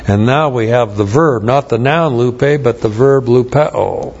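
A man teaches scripture from the pulpit at an unhurried, deliberate pace, spelling out Greek words letter by letter and repeating key phrases. His voice sits in an ordinary middle register. The sound is dull and lo-fi, like an old church recording. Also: mid-range voice, a little mellow, a little hiss or hum. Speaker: pastor. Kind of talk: verse-by-verse Bible teaching.

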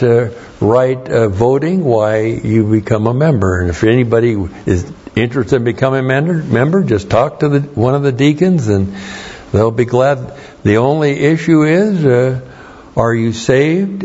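A man's voice: mid-range voice, warm tone, lo-fi sound. A man preaching a sermon in a plain, conversational way, telling stories from his life in between teaching points. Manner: conversational, plain-spoken storytelling. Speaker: pastor. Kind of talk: sermon with anecdotes.

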